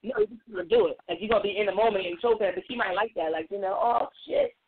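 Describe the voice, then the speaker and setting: A woman's voice: medium pitch, breathy edge, no echo. A woman co-hosting a casual radio talk show, giggly and candid, speaking on a tinny phone-like recording. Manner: giggly, candid, fast-talking. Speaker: co-host.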